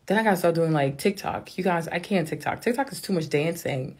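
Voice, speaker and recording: Bubbly woman squealing with excitement. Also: on the low side, fairly quick, breathy edge. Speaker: makeup brand owner. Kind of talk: casual live-stream chat.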